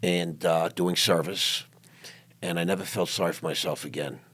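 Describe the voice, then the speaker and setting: An older man with a notably deep voice hosts a studio interview. He talks emphatically, repeating words and trailing into personal stories. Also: steady tone, moderate pace, fairly bright tone, husky. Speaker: podcast host. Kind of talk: emotional interview chat.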